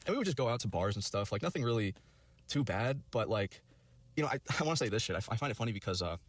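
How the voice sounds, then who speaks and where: A young man rattles off a personal story at breakneck speed. His voice sits a little low. He rambles and piles up filler words and profanity as he goes. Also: very animated, fast, no room sound. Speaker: storyteller in a video clip.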